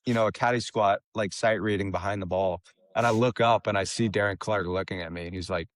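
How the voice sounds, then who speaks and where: A young man with a low, deep voice recounts a story in a casual podcast chat. He is animated, laughs often and restarts his phrases. The sound is dry and close. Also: fast talker, dry recording. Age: young adult. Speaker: caddie, podcast guest.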